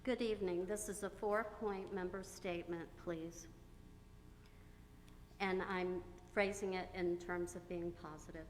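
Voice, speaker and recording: An American woman speaking as a member from the floor, reading a prepared statement in slow, formal phrases. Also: fairly even intonation. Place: theater. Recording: reverberant theater, faint rumble.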